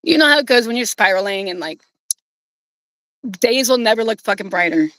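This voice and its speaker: A woman's voice: a little high, expressive, brisk, a bit bright, dry recording, rough recording. A woman streamer telling a personal story in a casual, rambling way, swearing bluntly.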